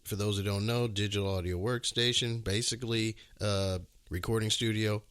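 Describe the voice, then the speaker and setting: A man hosting a podcast, who asks his guest brisk, friendly questions in a casual interview. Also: fairly low pitch, steady tone, fairly bright tone, clear, resonant tone. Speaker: podcast host.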